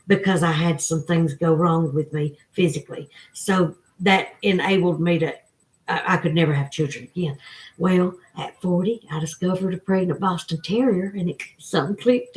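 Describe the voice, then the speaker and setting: A woman with a Southern American accent, in her forties or older, hosting a casual livestream and talking to viewers by name in a folksy, emotional way. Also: fairly low pitch. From Southern United States. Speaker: livestream host. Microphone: phone.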